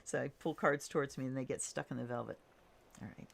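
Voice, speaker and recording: A woman doing a casual tarot reading, thinking aloud in a relaxed way with fillers and soft laughs. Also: very deep voice, fast, creaky. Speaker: tarot reader.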